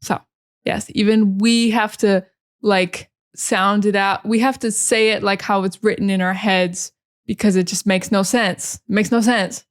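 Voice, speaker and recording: A woman from Maine with an American accent, teaching English pronunciation and repeating words slowly and carefully, syllable by syllable. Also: medium pitch, steady tone. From Maine, USA. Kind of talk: pronunciation lesson.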